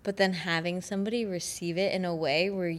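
A woman's voice: lowish voice, fairly even intonation, a little fast. Reflective, open woman co-host. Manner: reflective and open, with many "like" fillers. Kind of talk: candid podcast conversation.

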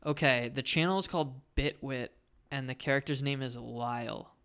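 A man co-hosts a casual podcast in a laid-back, teasing, rambling way. His voice is smooth and resonant. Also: medium pitch, normal speed, a bit bright. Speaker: podcast co-host.

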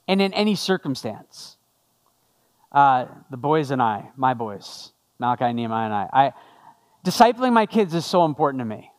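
A man's voice: high-pitched, smooth. A male pastor giving a sermon after an opening prayer, conversational with jokey asides to the congregation.

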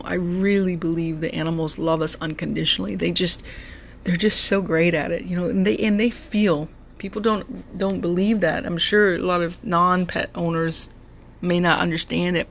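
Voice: medium pitch, creaky, a little hiss or hum. A podcast host talking heartfelt and personal in a solo monologue, often repeating and restarting words. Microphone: podcast mic.

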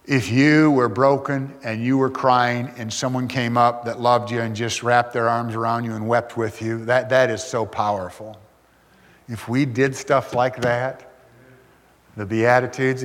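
Older male pastor, earnest storytelling sermon, mid-pitched voice, long hall reverb. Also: steady tone, moderate pace. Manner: earnest, storytelling, with emphatic repetition.

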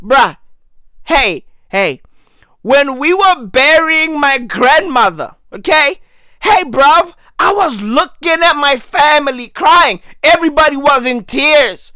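A hoarse man losing his voice, delivering a loud, slangy comic rant that often breaks into shouting. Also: very high-pitched, animated, slow, dry recording, clean studio sound.

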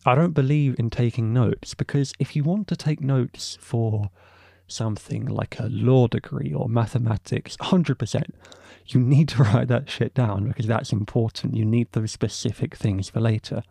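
A man's voice: medium pitch, normal speed, vocal fry, mellow, husky, no echo, clean studio sound. A young man, a university student hosting a podcast, giving a rambling, opinionated solo monologue full of asides. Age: young adult. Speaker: podcast host.

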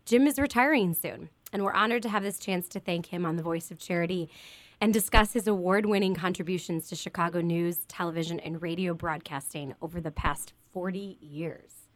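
A woman's voice: on the low side, a little fast, dry recording. Upbeat radio host woman, dry studio. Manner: upbeat, laughs easily. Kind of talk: radio interview hosting.

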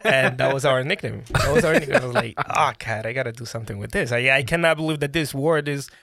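A man from Colombia, a native Spanish speaker, telling his story as a podcast guest in an animated way, often restarting his sentences. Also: medium pitch, fast, gravelly. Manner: animated, restarts often, bursts into laughing exclamations. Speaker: podcast guest, brand founder. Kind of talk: casual interview storytelling.

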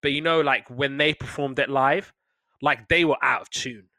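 A man co-hosting a casual chat, animated and playful, often slipping into quick voices. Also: medium pitch, no room sound. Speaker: podcast co-host. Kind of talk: casual chat about wrestling.

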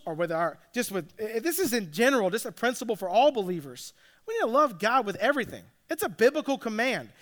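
A man's voice: extremely high pitch, fairly bright tone. A middle-aged man, a pastor, giving a conversational sermon full of asides and restarts.

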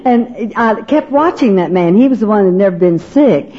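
A middle-aged woman telling a funny story to an audience, animated and laughing, acting out the voices. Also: mid-range voice, normal speed. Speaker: speaker at a women's gathering. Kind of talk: humorous storytelling talk to an audience. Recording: dull lo-fi recording.

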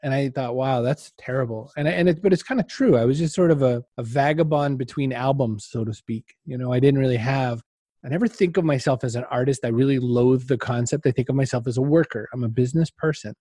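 A man's voice: medium pitch, fast, no room sound, clean studio sound. A man telling anecdotes as an interview guest in casual talk, acting out what people said and laughing often. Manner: animated anecdotes, acts out quotes, laughs often.

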